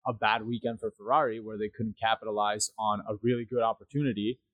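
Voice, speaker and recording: A man's voice: fairly low pitch, level tone, fast, dry recording, narrow, tinny audio. A man co-hosting a podcast in casual chat, rambling with many fillers and checking in with "right?". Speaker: podcast co-host.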